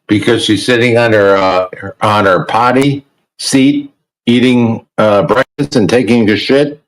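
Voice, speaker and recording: A man chatting on a video call, excitable and stammering, swearing a lot. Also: fairly low pitch, a little slow, rough recording. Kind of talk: casual chat.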